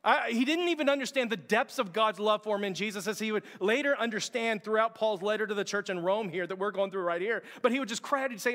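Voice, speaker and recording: A man's voice: high voice, a little fast, a bit bright. A man preaching a sermon as pastor, telling a story with passion and acting out quoted lines. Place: church sanctuary. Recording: long hall reverb.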